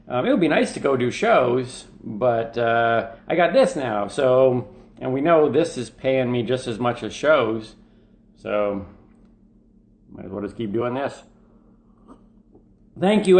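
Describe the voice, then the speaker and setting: A man hosting a live-stream comedy podcast from his living room, talking in a loose, rambling, self-mocking way with lots of fillers. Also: medium pitch. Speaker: podcast host. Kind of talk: casual live-stream monologue. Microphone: webcam in his living room.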